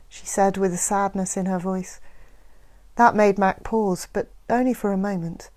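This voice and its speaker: A woman reading a novel aloud in a steady, measured narration. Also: mid-range voice. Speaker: reader.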